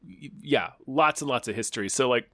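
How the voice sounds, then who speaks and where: A man's voice: medium pitch, a little fast, sharp tone, no echo, clean studio sound. A man co-hosting a casual movie podcast, talking in a hesitant way with many restarts. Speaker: podcast co-host.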